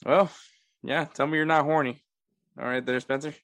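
Young dude podcast cohost, laughs a lot, goofy banter, dry close sound. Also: male voice, fairly high pitch, normal speed, no room sound. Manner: laughs often, jokey and animated. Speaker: podcast co-host. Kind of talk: casual chat.

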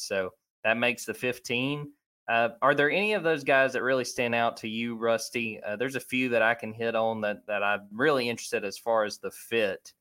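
A man's voice: mid-range voice, steady tone, sharp tone. A man hosting a casual sports talk show, talking loosely with frequent fillers and restarts. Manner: conversational, lots of fillers, lists names quickly. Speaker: sports podcast host.

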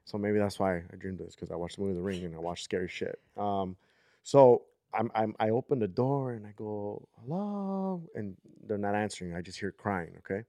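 Low-voiced rambling male storyteller. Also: fairly quick, no echo, clean studio sound. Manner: rambling, animated storyteller with many fillers. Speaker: podcast host. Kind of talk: casual storytelling chat.

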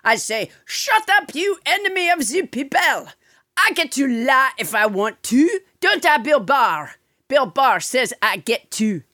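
Comic impression: woman voicing a boastful fake-French male president, bright and lively. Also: sits high, dry recording, clean studio sound, exaggerated voice. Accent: put-on French. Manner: blustering, boastful, mock-indignant. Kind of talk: comedic impression.

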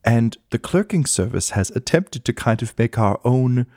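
A man's voice: medium pitch, lively intonation, normal speed, dark tone, no echo, studio quality, close to an everyday voice. A man voicing a stammering, snobbish servant clerk. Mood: deferential. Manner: stammering, deferential and pompous. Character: fussy, snobbish male clerk servant, adult. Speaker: game master. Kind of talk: tabletop role-play.

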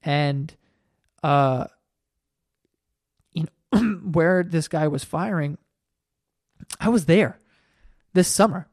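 A man hosting a podcast, rambling in a casual monologue full of swearing that gets worked up and loud. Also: a little high, drawn-out words, pauses often, no echo, clean studio sound. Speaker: podcast host.

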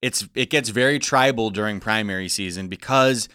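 A man co-hosting a podcast, riffing in a relaxed, jokey, slangy way. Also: on the low side, moderate pace, clean tone, no room sound, clean studio sound. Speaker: podcast co-host. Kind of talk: casual chat.

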